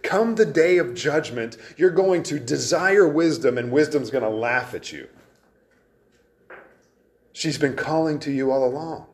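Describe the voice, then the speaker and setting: Earnest man preaching a Bible sermon. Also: fairly high pitch. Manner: earnest, emphatic, with frequent restarts. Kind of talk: expository sermon.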